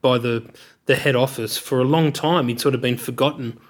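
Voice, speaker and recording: A man's voice: mid-range voice, steady tone, moderate pace. A middle-aged man with an Australian accent, candidly telling his life story in an interview, reflective and searching for words.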